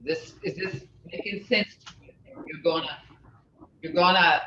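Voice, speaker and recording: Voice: medium pitch, unhurried, noisy background. A language teacher leading an online class, encouraging and patient, often saying "okay" and "you know" and laughing. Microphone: video call. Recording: echoey lo-fi video call audio from far off the mic.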